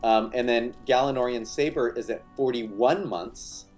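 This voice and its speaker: A man with a voice of middle pitch reads out thanks on a stream. He is casual and friendly, with frequent fillers and restarts. Faint music plays behind him. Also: measured pace, a little mellow. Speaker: tabletop player reading channel thanks.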